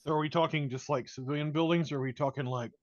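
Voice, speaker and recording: A man playing in a tabletop game, chatting casually with some halting starts. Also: fairly high pitch, steady tone. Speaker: player. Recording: dull lo-fi dry sound.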